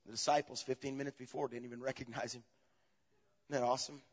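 A man preaching a sermon as pastor, swinging between loud, animated passages and low, quiet asides. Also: fast. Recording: dull, long reverb of a large hall.

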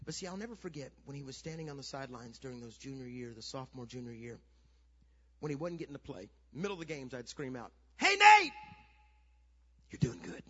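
A middle-aged man pastor preaching a sermon, telling a story that builds to shouted preaching. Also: medium pitch, quick pace, husky. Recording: dull lo-fi sound.

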